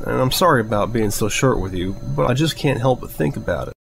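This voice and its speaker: A man's voice: medium pitch, lively intonation, fast, gravelly. A man voicing a blunt, down-to-earth female farm pony who talks in a folksy rural way. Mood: weary.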